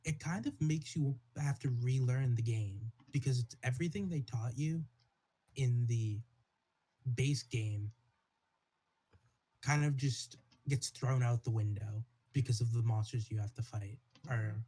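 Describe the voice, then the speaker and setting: A man's voice: medium pitch, measured pace, mellow, breathy edge. A man on a casual gaming podcast, easygoing as he explains at length. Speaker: podcast co-host.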